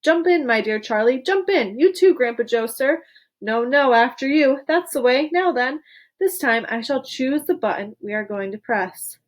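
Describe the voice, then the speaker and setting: A woman reading aloud puts on a giddy, eccentric candy maker who gushes with delight. The voice jumps high and loud with excitement. It is a storybook figure full of energy. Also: normal speed. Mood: gushing excited. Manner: exuberant, gushing, high-spirited.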